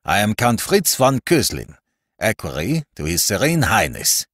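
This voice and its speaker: A man's voice: on the low side, very animated, a little slow, a bit bright, dry recording, clean studio sound, exaggerated voice. A man voicing a stiff, ceremonious German count with a German accent. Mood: formal. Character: stiff, formal German count, a prince's aide.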